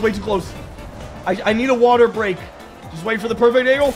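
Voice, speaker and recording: A young man streaming a game, joking and reacting excitedly to the action. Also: very high voice, a little fast, pauses often, soft background music. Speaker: gaming streamer. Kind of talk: let's play commentary.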